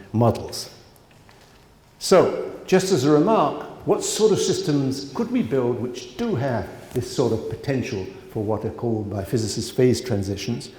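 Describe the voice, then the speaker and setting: Professor type, male, mellow voice, chatty asides, booming hall echo. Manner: conversational, digressive, frequent asides and fillers. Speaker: economics professor giving a lecture. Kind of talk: conference lecture. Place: large lecture hall. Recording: roomy lecture hall reverb.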